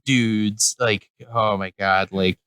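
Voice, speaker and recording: A man's voice: fairly low pitch, fairly even intonation, takes it slowly, fairly bright tone, a little hiss or hum, poor audio. A young man co-hosting a comedy podcast, chatting casually, rambling and swearing freely with frequent laughs. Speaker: podcast co-host.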